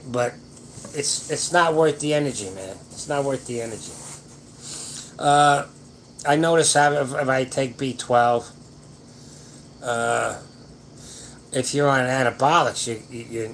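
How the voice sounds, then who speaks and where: A man's voice: mid-range voice, fairly bright tone, slight background noise, poor audio. An older man hosting a casual late-night chat, giving rambling, folksy advice with slangy grammar to viewer questions. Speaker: livestream host answering viewer questions.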